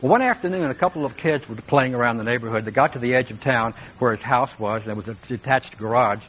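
A male pastor delivers a sermon in an earnest, emphatic way, pressing his points home and speaking directly to the congregation. His voice sits at an ordinary middle pitch, with a faint hum of room ambience behind him. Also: fast talker, fairly bright tone, poor audio.

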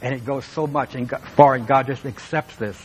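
A male pastor delivers a sermon in an earnest, emphatic way, pressing his points home and speaking directly to the congregation. His voice sits at an ordinary middle pitch, with a faint hum of room ambience behind him. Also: fairly even intonation, fairly quick, low-quality recording.

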